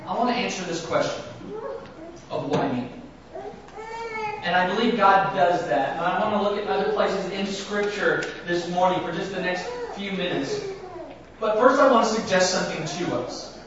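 High-voiced preacher in an echoey hall. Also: male voice, moderate pace, crowd noise. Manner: asks the congregation repeated rhetorical questions; acts out scripture and quoted speakers with rising emphasis. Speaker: pastor. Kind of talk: sermon. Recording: very echoey, distant, dull sound.

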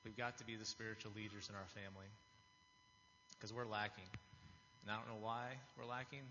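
A man's voice: lowish voice, level tone, fairly quick, sharp tone, slight background noise. Earnest man preaching in a hall. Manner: earnest, confessional, often restarting phrases. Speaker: lay speaker giving a testimony. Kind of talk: church testimony sermon. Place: church hall with an audience. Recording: dull, reverberant hall recording.

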